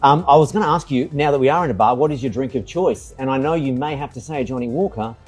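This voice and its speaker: A man's voice: medium pitch, quick pace, slightly rough, soft background music. A man from Australia interviewing a guest in a bar, playful and teasing. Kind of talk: casual interview chat.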